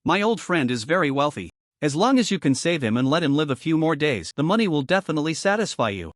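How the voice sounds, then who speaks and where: A man voicing a wealthy, flattering old man in a narrated storybook recap, speaking in a deferential, courteous way. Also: a little high, fast talker, dry recording, clean studio sound.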